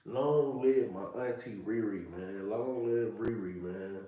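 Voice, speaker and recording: A man's voice: fairly low pitch, slow pace, dark tone. A man in his thirties sharing a reflective monologue in loose street slang, often repeating "you know what I'm saying.". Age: 30s. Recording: distant mic in a very echoey room.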